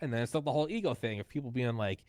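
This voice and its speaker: A podcast host in his thirties tells a story in casual conversation, swearing freely and acting out the people he quotes. He's animated and racing, with a medium pitch, a dry recording, frequent "like" fillers and restarts.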